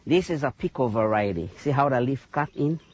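A man with a Hawaiian Pidgin accent shows visitors around his taro farm, speaking briskly in a husky, medium-pitched voice. He's folksy and animated, dropping in "yeah?" after point after point. The recording has no room sound and dull audio.

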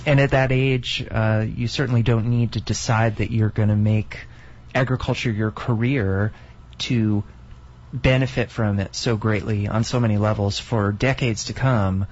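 A man speaking in a measured, reflective way in casual radio chat, on a lo-fi recording. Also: lowish voice, fairly even intonation, darkish tone. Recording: dull lo-fi sound.

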